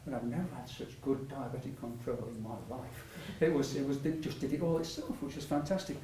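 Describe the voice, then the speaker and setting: A patient speaking at a public talk, this older man has a mellow, mid-range voice and a brisk delivery. His anecdotal talk rambles with restarts and laughter, and it carries through a reverberant hall to a mic some distance away, faint ambient noise in the background.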